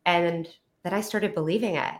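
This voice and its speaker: A woman's voice: on the low side, normal speed. A woman hosting an interview, chatting casually and effusively about her own experience. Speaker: podcast host.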